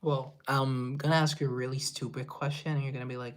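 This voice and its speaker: A young man from Colombia, talking casually to his viewers on a live stream at home. He rambles, greets people by name, and pokes fun at himself in an easygoing, mid-pitched voice. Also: level tone, fast talker. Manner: rambling, self-deprecating, chatty with viewers. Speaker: livestreamer and musician.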